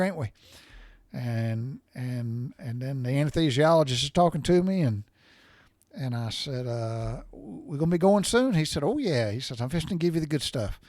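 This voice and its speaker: A man's voice: fairly high pitch, very animated, moderate pace, a little mellow, no echo, studio quality. A middle-aged man, casually telling a rambling, profane story while sore from recent surgery. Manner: folksy, profane, rambling with restarts. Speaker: podcast storyteller.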